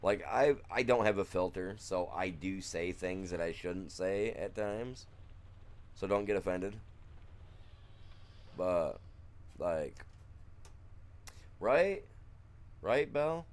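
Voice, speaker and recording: Low-voiced man rambling on a stream. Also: animated, takes it slowly, pauses often. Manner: chatty, trails off and restarts, chuckles. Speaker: gaming streamer. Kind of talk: rambling casual chat while streaming. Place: room at home with blacked-out windows.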